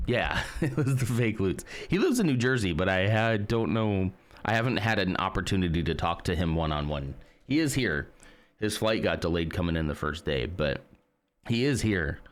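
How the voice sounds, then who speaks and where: A man streaming live, chatting casually and rambling as he reads and answers his chat. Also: low-pitched.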